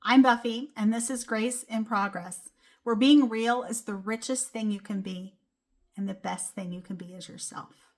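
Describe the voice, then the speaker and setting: Chatty woman podcast host, fairly high. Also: steady tone, normal speed. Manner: casual with many fillers like "like" and "you know". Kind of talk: solo motivational podcast talk.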